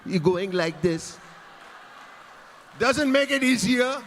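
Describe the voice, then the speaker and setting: Speaking slowly and expressively, a man with a very high-pitched, fairly bright voice delivers a teasing, playful keynote on a large conference stage. The reverberant hall recording has a little hiss or hum.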